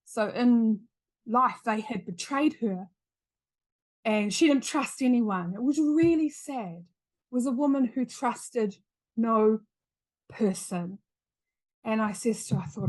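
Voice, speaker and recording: A middle-aged New Zealand woman, a guest on a podcast, earnestly tells a story in an interview and repeats phrases for emphasis. Her voice is on the high side, with lively intonation and a measured pace.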